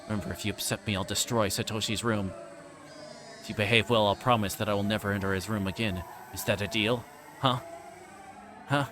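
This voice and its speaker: A man plays a surly, threatening middle-aged uncle in a visual novel reading, rough and pushy on the phone. The voice sits low, with faint background noise. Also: steady tone, a little fast, long pauses, natural voice. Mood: menacing. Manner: rough, threatening, faked sweetness. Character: gruff bullying middle-aged male guardian.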